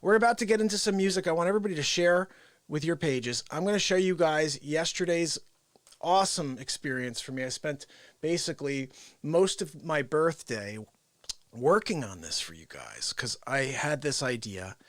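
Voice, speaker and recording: A man hosting a live, unscripted daily variety stream, excitable and laughing, shouting out greetings to viewers. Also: fairly high pitch, normal speed, no room sound.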